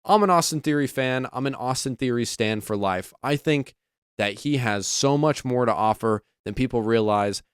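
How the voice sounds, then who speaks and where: A man's voice: mid-range voice, moderate pace, clean tone, no echo, clean studio sound. A man giving a casual, opinionated wrestling review, rambling with lots of fillers. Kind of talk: casual commentary.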